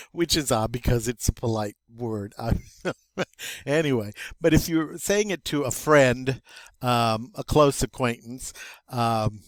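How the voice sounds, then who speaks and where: An older man, speaking in a mid-range voice with no echo, leads a French vocabulary review. He goes slowly and patiently, dropping in wry jokes at his own expense.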